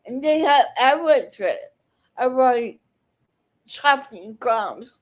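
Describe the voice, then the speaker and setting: A woman's voice: high voice, lively intonation, slow pace. A woman giving angry, profane reaction commentary, scolding the people in a video.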